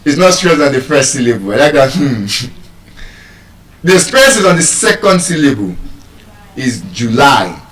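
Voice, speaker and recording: A man with a Nigerian accent giving a live talk on pronunciation to an audience, playful and teasing, repeating words slowly to drill them. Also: on the high side, big pitch swings, fairly bright tone. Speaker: public speaker teaching pronunciation. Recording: echoey hall, voice from far off.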